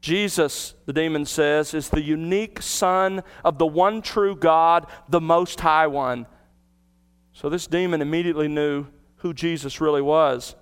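A man with a high, smooth, resonant voice delivers an expository sermon from the pulpit. He teaches earnestly, retells the scene vividly and asks his listeners rhetorical questions. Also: fairly even intonation, measured pace. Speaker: pastor.

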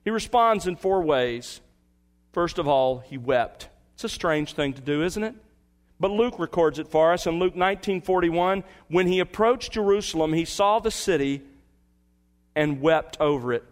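Impassioned man preaching a sermon. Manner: emphatic preaching, rising to high impassioned peaks and dropping to soft earnest appeals. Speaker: pastor.

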